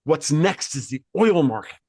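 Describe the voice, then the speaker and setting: Brief: male podcast host, higher-pitched voice, dry close mic, angry swearing rant. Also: animated, moderate pace, darkish tone, dry recording. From United States. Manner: profane, emphatic, repeats words and restarts. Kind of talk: heated political rant.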